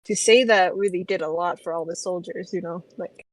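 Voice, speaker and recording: A woman's voice: fairly low pitch, fairly even intonation, brisk, poor audio. A woman co-hosting a book podcast, talking casually with lots of "like" and "you know" and frequent laughter. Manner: chatty, many "like"s and "you know"s, laughs often. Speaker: podcast co-host.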